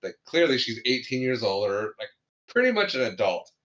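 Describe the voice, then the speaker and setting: In a lo-fi recording, a very animated man with a medium-pitched, fairly bright voice talks at a normal pace while co-hosting a podcast. He chats casually about a film, walking through it scene by scene, laughing and often starting his sentences over.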